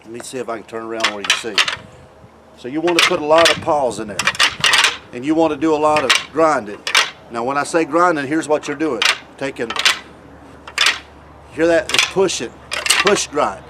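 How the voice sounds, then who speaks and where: Folksy man, noisy outdoors. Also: mid-range voice. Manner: folksy, repeats himself, pauses to demonstrate. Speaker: hunting video host. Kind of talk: casual outdoor demonstration. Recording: loud background noise outdoors.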